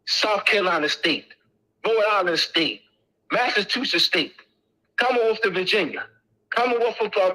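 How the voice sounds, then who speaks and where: A man's voice: high voice, bright, forceful tone, low-quality recording. A middle-aged man giving an informal lecture to an audience, emphatic and repetitive as he drills each point home.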